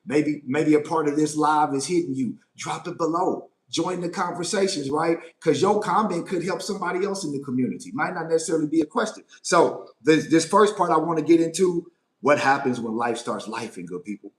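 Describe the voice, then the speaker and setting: A man's voice: on the high side, a little fast. Emphatic male life coach, echoey room. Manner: emphatic, repeats phrases and asks "right?" often. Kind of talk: live motivational Q&A talk.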